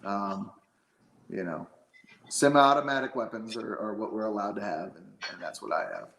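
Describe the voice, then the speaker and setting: A man's voice: fairly low pitch, moderate pace, a bit bright, roomy sound, rough recording. A man chatting casually as a guest, rambling with lots of fillers and restarts. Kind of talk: casual chat.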